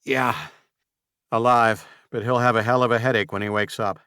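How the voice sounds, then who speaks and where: A man's voice: medium pitch, fairly even intonation, moderate pace, sharp tone, smooth, dry recording, clean studio sound, natural voice. A man voicing a scrappy teenage boy fighter. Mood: relieved. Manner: wry, breathless in a fight.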